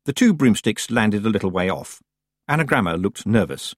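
A man reads a fantasy story aloud with expressive storytelling. His voice is husky and moves through a lively pitch range. The sound is dry and close. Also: moderate pace, dry recording. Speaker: audiobook narrator. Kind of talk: scripted narration.

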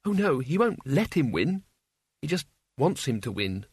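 A man voicing a bitter young woman in an audiobook, pitch raised. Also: very animated, measured pace, a little mellow, husky, no room sound, studio quality, full character voice.

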